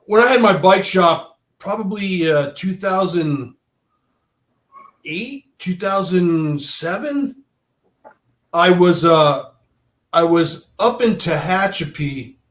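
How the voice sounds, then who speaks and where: Middle-aged guy rambling through bike shop stories, kinda high voice, echoey room, keeps restarting sentences. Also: expressive, takes it slowly, pauses often, a bit bright. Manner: rambling storyteller, many restarts and "dude". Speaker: podcast guest, former bike shop owner. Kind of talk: casual chat. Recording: roomy echo.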